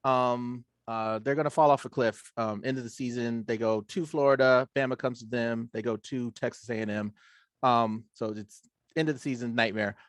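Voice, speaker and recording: A man's voice: mid-range voice, fairly even intonation, normal speed, dry recording, studio quality. A man as a guest on a sports talk show, chatting casually and hesitantly with many fillers. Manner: hesitant, lots of ums, laid-back. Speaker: guest analyst.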